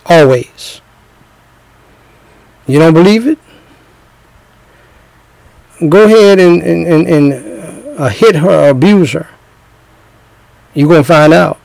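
Gravelly man preaching relationship advice. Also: on the high side, normal speed, darkish tone, no room sound, rough recording. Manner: emphatic, repetitive, acts out scenes. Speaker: speaker giving relationship advice.

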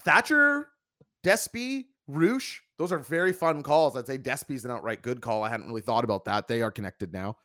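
A man's voice: medium pitch, expressive, normal speed, sharp tone, dry recording. Male podcast host, chatty, joking, dry mic. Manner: talkative, joking, plugs the channel. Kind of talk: casual review chat.

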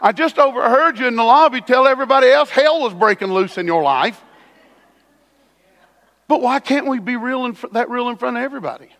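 A man's voice: extremely high pitch, lively intonation, a little fast, a bit bright. A man preaching a sermon as pastor in a church, conversational with sudden emphatic bursts. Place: church sanctuary. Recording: long hall reverb.

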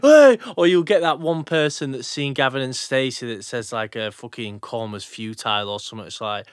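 A man's voice: medium pitch, brisk, no room sound. Ranting young man, dry sound. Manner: swearing, animated rants, mocking quotes. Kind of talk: casual chat.

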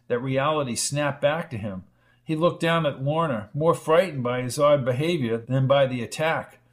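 A man narrating a dramatic science fiction audiobook in a measured reading. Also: medium pitch. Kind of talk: scripted narration.

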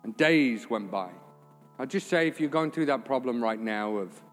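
A man's voice: mid-range voice, expressive, normal speed. A man preaching a sermon, telling a personal story in an informal, earnest way. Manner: informal, jokey asides, then earnest and emotional. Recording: reverberant church hall with faint music.

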